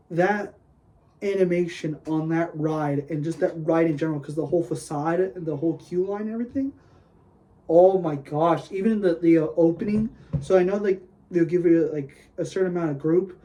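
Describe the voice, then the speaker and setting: A man hosting a casual solo podcast, rambling excitedly with lots of "like" and "dude", gushing one moment and griping the next. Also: on the high side, rough recording. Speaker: podcast host.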